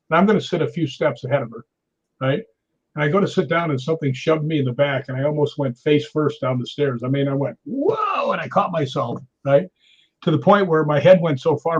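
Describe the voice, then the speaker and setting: A middle-aged man telling a story in an interview, animated and acting out quoted lines. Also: a little high, breathy edge. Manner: animated anecdote teller, acts out quotes. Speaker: stunt performer guest. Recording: dull lo-fi audio.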